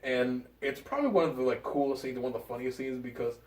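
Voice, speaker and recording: Brief: rambling, excited male co-host, medium pitch, recorded from a distance in a roomy space. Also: quick pace. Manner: excited, rambling with fillers and laughs. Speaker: movie review co-host. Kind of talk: casual chat. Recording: roomy, from off the mic.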